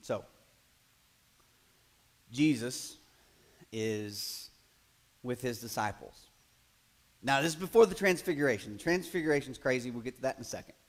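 A man preaching a sermon in a conversational way, building to loud, emphatic passages and acting out quoted voices. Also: medium pitch, lively intonation, normal speed, pauses often. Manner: acts out quoted voices in asides. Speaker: pastor.

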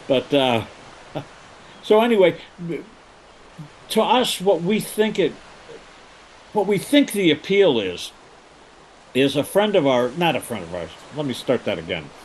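Male interview guest, lively storyteller, fairly high and expressive. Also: a little slow, long pauses, a little hiss or hum, low-quality recording. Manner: animated storyteller, laughs easily. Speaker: guest, pirate holiday co-founder. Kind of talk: casual interview chat.

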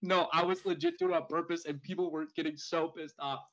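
A man's voice: a little high, huge pitch swings, brisk, gravelly, crowd noise, rough recording. A young man co-hosting a podcast, telling a rambling story in casual chat and swearing freely. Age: young adult. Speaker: podcast co-host.

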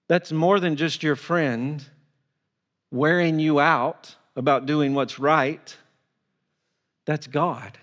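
Male pastor with a high voice for an emphatic, unhurried sermon. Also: fairly bright tone. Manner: emphatic, repeats rhetorical questions.

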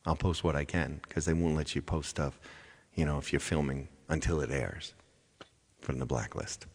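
A man's voice: extremely low pitch, steady tone, moderate pace, slightly rough. A man hosting his livestream show, chatting casually with viewers in a rambling way and repeating himself, in a reverberant room. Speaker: livestream singer and host.

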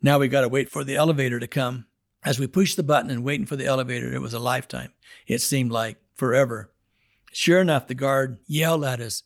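A man telling his testimony on a podcast, swinging from hushed prayer to loud, dramatic outbursts. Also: mid-range voice, fairly even intonation, a little fast, gravelly. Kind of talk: storytelling testimony.

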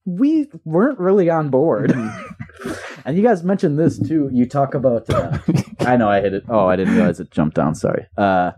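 A man co-hosting a casual comedy podcast, talking fast and loose, swearing and acting out what other people said. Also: medium pitch, slight background noise. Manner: animated, swearing, mock-quoting others in raised voices. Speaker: podcast co-host.

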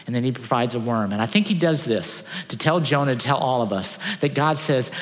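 A man's voice: mid-range voice, lively intonation, a little fast. A man pastor preaching a sermon, emphatic and full of rhetorical questions. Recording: long hall reverb.

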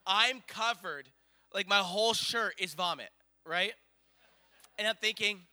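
High, very bright-voiced male preacher. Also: takes it slowly. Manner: rambling, animated storyteller with many fillers. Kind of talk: storytelling sermon.

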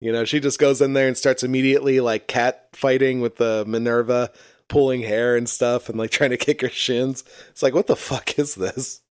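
A man's voice: medium pitch, steady tone, normal speed, smooth, no room sound, studio quality. Mocking man in casual crude chat. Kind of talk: casual chat reviewing a TV episode.

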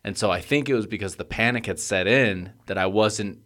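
Podcast co-host, young adult man, lowish voice, profane and animated storyteller. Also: brisk. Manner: swears freely, gets loud and worked up when retelling panic. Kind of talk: casual storytelling chat.

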